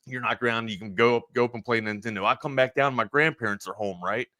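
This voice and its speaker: A man from Maryland hosts a sports talk show and tells a long personal story with plenty of restarts and bursts of animation. His voice has a bright, sharp edge at a mid pitch. The sound is dry and close, with no room behind it. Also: fairly even intonation, fast talker, dry recording. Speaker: sports talk radio host.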